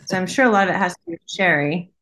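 A woman's voice: on the low side, animated, rapid-fire, a bit bright. Hesitant woman relaying messages. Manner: hesitant, breaks off to listen. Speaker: psychic medium. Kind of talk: casual conversation.

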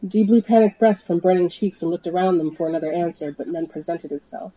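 A woman reading a tense story aloud, her voice rising to shouts in the dramatic scenes. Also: lowish voice, fairly even intonation, brisk, few pauses, no room sound, dull audio. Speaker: podcast host and story reader.

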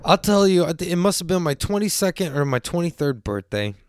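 A man's voice: high voice, fairly quick, no echo, clean studio sound. A man past his twenties hosting a podcast, telling a story in a loose, rambling way, full of swearing and asides. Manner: animated when quoting others. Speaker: podcast host. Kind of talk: casual storytelling.

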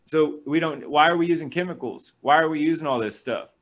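A man, a pastor, reading scripture aloud and breaking off into energetic, animated stories with quick asides. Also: a little high, dull audio. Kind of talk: reading scripture and preaching in a talk show.

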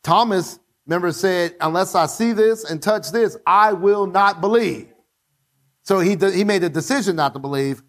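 Man, pastor, sermon, fairly high voice, repetitive call-and-response delivery. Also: normal speed. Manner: call-and-response with the congregation, repeating phrases. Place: church.

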